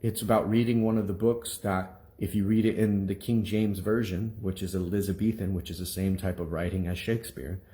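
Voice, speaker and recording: Young minister, low voice, lively storyteller who acts out the people he quotes. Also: fairly quick, hardly any pauses. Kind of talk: testimony to viewers.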